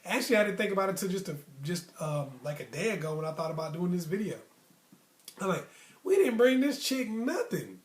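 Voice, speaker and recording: A man casually telling a personal story in a relaxed, slangy, rambling way, full of asides. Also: a little high, fast. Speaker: storyteller host. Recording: roomy echo.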